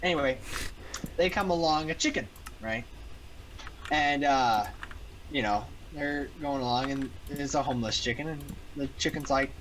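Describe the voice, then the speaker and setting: A man's voice: mid-range voice, moderate pace, fairly bright tone, a little hiss or hum, low-quality recording. A man improvising a silly story while gaming, rambling and repeating words. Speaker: gamer telling a story. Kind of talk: improvised storytelling on a game stream.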